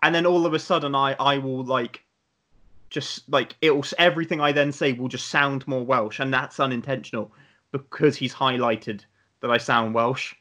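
A young British man rambles through a casual chat, often losing his thread. His voice is bright and forceful at a middle pitch. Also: steady tone, moderate pace. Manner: rambling, drifts off on tangents. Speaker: podcast co-host.

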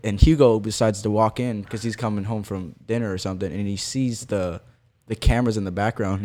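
A man's voice: lowish voice, mellow. A man on a podcast telling a team story, laughing often as he goes. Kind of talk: casual storytelling chat.

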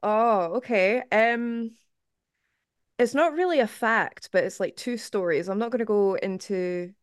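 A woman's voice: mid-range voice, unhurried, clean tone, no room sound, studio quality. A woman with a Scottish accent chatting casually as a podcast guest, self-deprecating and laughing often. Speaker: podcast guest, YouTube album reviewer. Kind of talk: casual chat.

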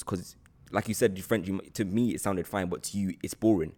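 A man's voice: low voice, fast talker, darkish tone. A man hosting a podcast interview, friendly and rambling, laughing often. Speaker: podcast host.

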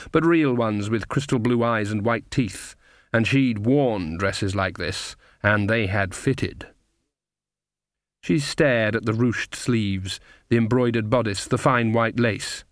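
A male audiobook narrator with a middling pitch, telling the story in a measured, even way. His voice is recorded close and completely dry, with no room sound at all. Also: dry recording. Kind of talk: scripted narration.

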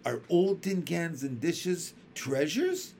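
A man reading aloud and voicing an eager, curious little boy who asks excited questions. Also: on the high side, slow pace, gravelly, a little hiss or hum, full character voice.

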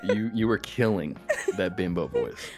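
Very deep-voiced wry woman. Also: a little slow, darkish tone, soft background music. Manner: swearing, self-mocking, wry. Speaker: podcast co-host. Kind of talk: casual chat, party game.

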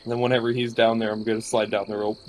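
A man's voice: on the low side, little pitch movement, very fast, slight background noise, rough recording. A man playing a tabletop game, joking around and describing his character's actions. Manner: jokey, laughs often. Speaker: player. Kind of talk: casual chat while playing.

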